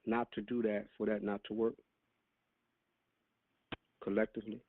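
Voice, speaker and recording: A man hosting a call-in podcast, speaking deliberately and pressing his questions. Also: on the low side, flat delivery, a little hiss or hum. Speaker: podcast host. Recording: tinny phone line.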